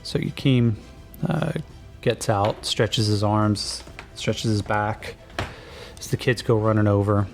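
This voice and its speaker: A man's voice: fairly low pitch, fairly even intonation, takes it slowly, vocal fry. A man narrating as game master of a tabletop game, talking in a laid-back, rambling way with many fillers. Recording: soft background music.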